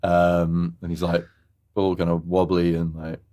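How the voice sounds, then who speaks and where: A man's voice: low voice, level tone, unhurried, dark tone. A man co-hosting a film podcast in casual chat, retelling movie scenes. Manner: recounts scenes with exaggerated character impressions. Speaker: podcast co-host.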